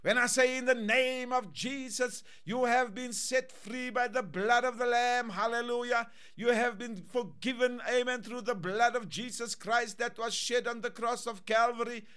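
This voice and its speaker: Fervent high-voiced male preacher. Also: fairly even intonation, normal speed, few pauses, fairly bright tone, clear, resonant tone. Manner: fervent, repetitive declarations. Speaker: pastor. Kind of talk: sermon.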